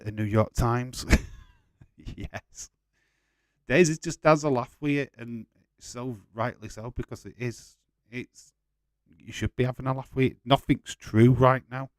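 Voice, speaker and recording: A man's voice: medium pitch, no echo. A man hosting a live watch-along stream, chatting casually, swearing freely and laughing while he reads viewer comments.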